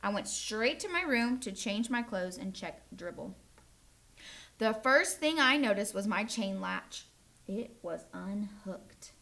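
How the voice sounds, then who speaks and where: A woman teacher reading a children's chapter book aloud to her students, in a friendly, animated storytelling way. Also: medium pitch, slow, vocal fry.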